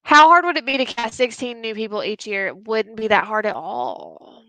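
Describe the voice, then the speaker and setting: Bright giggly Texan woman. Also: a little high, expressive, normal speed, poor audio. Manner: giggly, rambling, drinking wine on air. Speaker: co-host. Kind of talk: casual live-stream chat.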